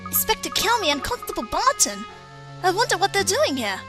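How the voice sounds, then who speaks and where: A woman's voice: very high voice, very animated, a little fast, over music, voice pushed up. A woman voicing an eager, polite young British boy apprentice with a put-on British accent. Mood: curious, eager. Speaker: let's player reading game lines.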